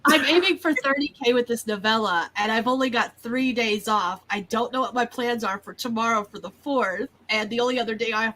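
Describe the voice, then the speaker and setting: A woman author speaking on a casual livestream in a quick, matter-of-fact way. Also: a little high, bright, forceful tone, slight background noise, poor audio. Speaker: guest author. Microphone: video call.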